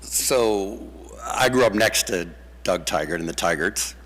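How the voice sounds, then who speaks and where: Animated male storyteller in a reverberant church. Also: on the low side, unhurried. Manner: animated storyteller, acts out the quoted voices. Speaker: eulogy speaker. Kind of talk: storytelling memorial tribute. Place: church sanctuary.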